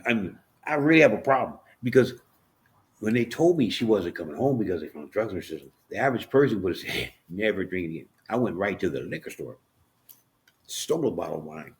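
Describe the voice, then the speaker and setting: A man with a very low voice shares his life story as an interview guest. He talks quickly and earnestly, stumbling and repeating words as he goes. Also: lively intonation. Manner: halting, many restarts and repeated words; earnest and emotional. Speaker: author and podcast guest. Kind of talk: candid personal storytelling in an interview.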